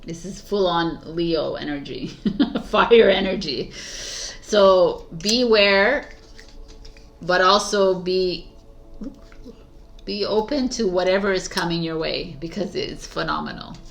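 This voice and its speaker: Woman tarot reader, low-pitched, casual and emphatic, repeats words for stress. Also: takes it slowly, vocal fry, long pauses. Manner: casual, swears offhandedly. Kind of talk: casual spoken tarot reading.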